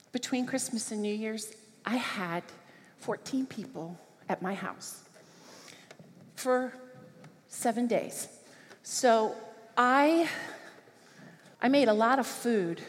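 A middle-aged woman preaching, telling a personal story in an animated way and acting out children's voices. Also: fairly high pitch, slight background noise. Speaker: speaker at a church service. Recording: long hall reverb.

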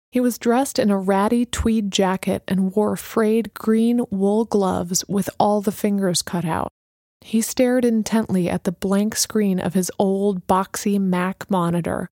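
Narrating an audiobook, a woman delivers a steady, measured reading in a mid-range voice. The studio-quality recording carries no room sound.

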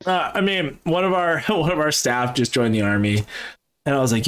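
A man's voice: on the high side, moderate pace, clear, resonant tone. Profane, rambling man in casual chat. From New Hampshire. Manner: profane, rambling, animated storytelling. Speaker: podcast guest, gun business owner.

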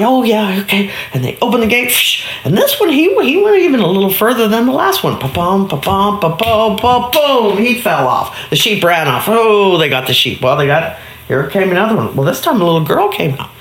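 A woman's voice: fairly low pitch, echoey room. A woman telling an improvised story, acting out voices and sound effects. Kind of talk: improvised bedtime story narration.

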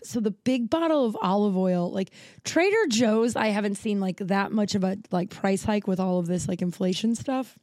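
Rambling woman with a mellow voice. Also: mid-range voice, dry recording. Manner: rambling, filler-heavy, self-interrupting. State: tired, yawning. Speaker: podcast host. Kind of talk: casual solo chat. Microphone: home recording setup.

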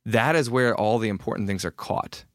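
A man's voice: fairly low pitch, normal speed, dry recording, studio quality. A man in his thirties, a guest author talking candidly and self-deprecatingly in a casual podcast conversation, often restarting his sentences.

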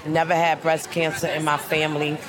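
A woman gives a plain, heartfelt answer at an outdoor charity run. Her delivery is flat and even, with a crowd behind her. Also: sits low, fairly quick, noisy background. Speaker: run participant. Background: crowd chatter.

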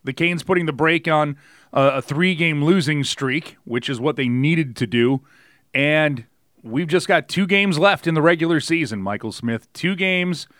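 A middle-aged man co-hosting a sports podcast, talking in a laid-back, jokey and animated way. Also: on the high side, no room sound, clean studio sound. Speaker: podcast co-host. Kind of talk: casual sports podcast chat.

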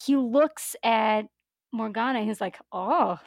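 Giggly higher-voiced woman, dry mic. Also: measured pace, no room sound. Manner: animated, giggly, acts out quotes. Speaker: podcast co-host. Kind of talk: casual chat.

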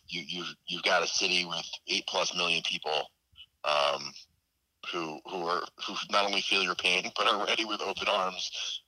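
New Yorker, man, low and sharp-toned, dry close sound, earnest. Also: no room sound, poor audio. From New York. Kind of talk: interview answer.

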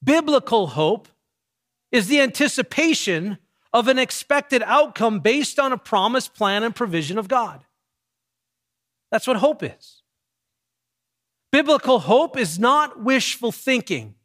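A man, a pastor with young kids, preaching a sermon with emphatic, measured delivery and dramatic pauses. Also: extremely high pitch, sing-song, a bit bright.

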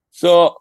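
A man impersonating a laid-back male rock singer with a put-on northern English accent and a slow, mumbling drawl. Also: darkish tone, no room sound, studio quality.

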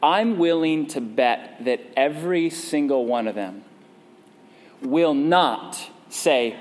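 Male pastor, higher voice, relaxed unhurried sermon delivery, calls for congregation replies. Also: in a large hall, a little hiss or hum. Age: adult parent. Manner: conversational, prompts congregation responses.

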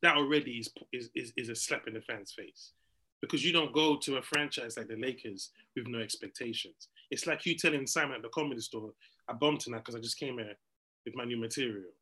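Bright-voiced man arguing sports. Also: mid-range voice, fairly quick, poor audio. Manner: animated, argumentative, sings chants and laughs. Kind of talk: heated sports debate.

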